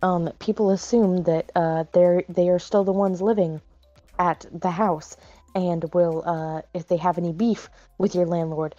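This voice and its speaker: A woman's voice: fairly low pitch, steady tone, measured pace, warm tone, dry recording, lo-fi sound, soft background music. A woman co-hosting a casual podcast, rambling with lots of fillers and restarts. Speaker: podcast co-host.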